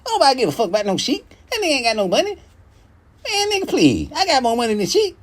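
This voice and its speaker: A man putting on a brash, boastful middle-aged male boxing executive who rants fast and swears a lot. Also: very high-pitched, huge pitch swings, pitched above the performer's own voice, exaggerated voice. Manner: profane, boastful, rapid ranting.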